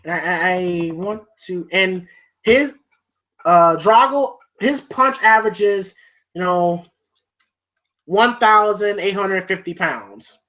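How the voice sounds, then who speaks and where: A man co-hosting a casual movie review chat. He rambles, fills every pause with "you know" and swears freely. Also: sits high, pushed and bright. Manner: rambling, heavy on "you know" fillers, profane. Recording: dull lo-fi recording.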